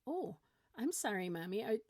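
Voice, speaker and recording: A woman's voice: medium pitch, sing-song, moderate pace, darkish tone. A woman voicing a whining toddler girl in a whimpering, apologetic way, as part of a parenting lesson.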